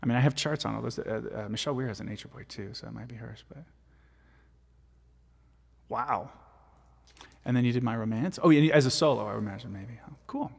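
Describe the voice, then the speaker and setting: A man's voice: medium pitch, brisk, gravelly, pauses often, breathy edge, long reverb tail. A man, a vocal jazz arranger, chatting casually and self-deprecatingly with viewers while recording his own vocal parts.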